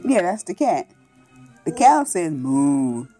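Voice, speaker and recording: Mom reading a farm book to her kid, high voice, bouncy sing-song, makes the animal noises. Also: very animated, a little slow, darkish tone, faint music behind. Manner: playful, coaxing, imitates animal sounds. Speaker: mother reading to her toddler. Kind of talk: reading a picture book aloud.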